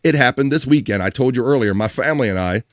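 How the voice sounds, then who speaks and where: A man hosting a casual live stream, chatting in a jokey, animated way and mimicking others. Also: medium pitch, fast, no echo, clean studio sound. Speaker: host.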